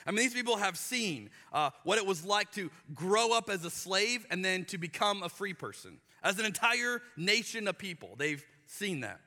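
A man in his thirties preaching a sermon, telling animated stories and acting out quoted voices with exaggerated emphasis. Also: high voice, normal speed, few pauses. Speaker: pastor. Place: church hall. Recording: live church hall with long reverb.

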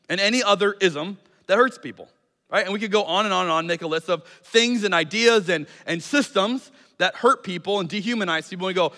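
A man in his thirties preaching a sermon as a pastor, telling stories in a relaxed, self-deprecating way and acting out quotes. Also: a little high. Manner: conversational, self-deprecating storytelling with quick acted-out quotes. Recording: long hall reverb.

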